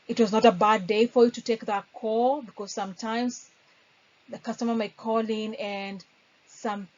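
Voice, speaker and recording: A woman's voice: a little high, a little mellow. Woman teaching customer service, lo-fi. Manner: earnest, acts out sample phone lines. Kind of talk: instructional talk.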